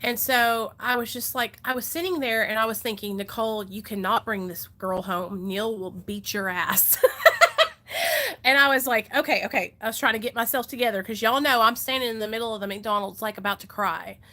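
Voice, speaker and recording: Young woman, recovery vlogger, earnest and chatty, fairly high and bright voice. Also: fairly quick, few pauses. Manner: earnest, emotional, chatty with "y'all" and "like". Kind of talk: casual heartfelt talk to viewers.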